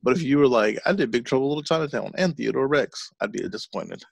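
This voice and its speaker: With a medium-pitched, husky voice marked by vocal fry, this podcast co-host talks quickly and animatedly. He's casually reviewing a movie, full of sarcastic, profane joking asides, in a recording with no echo.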